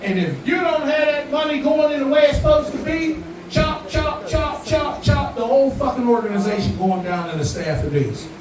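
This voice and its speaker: A man hosting a live community event, talking casually to the crowd in a profane, joking, animated way. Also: extremely high pitch, brisk, few pauses, over music. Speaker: event host. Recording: very echoey room, far from mic, audible background noise.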